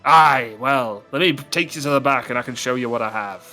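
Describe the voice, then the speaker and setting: A man voicing a gruff male cyborg pirate black marketeer with a growling pirate drawl. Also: mid-range voice, a little fast, sharp tone, soft background music, lightly acted.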